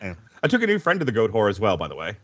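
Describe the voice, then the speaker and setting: A man's voice: fairly low pitch, wildly swooping pitch, rapid-fire, a bit bright. A man co-hosting a podcast in casual chat, joking and rambling, with a little swearing. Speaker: podcast co-host. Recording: dull lo-fi sound.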